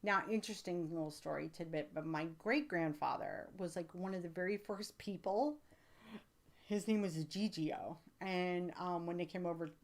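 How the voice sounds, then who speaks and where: Chatty American woman with a lowish voice. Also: moderate pace. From United States. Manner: chatty and rambling, with many fillers; grows animated and emphatic when excited. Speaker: livestream host and psychic reader. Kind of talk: casual livestream chat, answering viewer comments.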